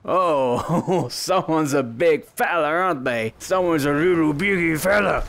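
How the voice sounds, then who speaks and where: A man rambles playfully through VR gameplay commentary and slips into silly voices. His voice sits a little high and has a gravelly edge. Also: unhurried, fairly bright tone, a little hiss or hum. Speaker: gaming YouTuber.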